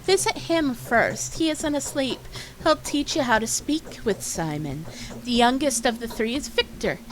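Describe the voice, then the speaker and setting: A woman streamer reading a game's dialogue aloud, voicing a devoted young townswoman in a soft, sing-song voice. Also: on the high side, animated, unhurried, pitched above the performer's own voice, low-quality recording. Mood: advising.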